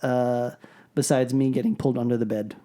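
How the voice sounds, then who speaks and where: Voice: medium pitch, fairly even intonation, fairly quick, dark tone. A podcast co-host animatedly telling personal spooky anecdotes in casual chat, often laughing as the story goes.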